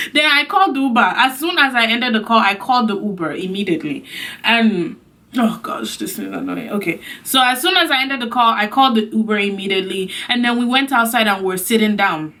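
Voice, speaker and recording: A young woman vlogger telling a story to her camera in a casual, animated way, acting out the people she quotes. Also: fairly quick, recorded from a distance. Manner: animated, acts out quotes with big pitch jumps.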